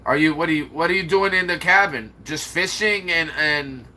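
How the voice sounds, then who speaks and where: A livestream host with a slight Chicago accent rambles casually and answers viewer comments aloud. His voice is on the high side and sharp, at a normal speed.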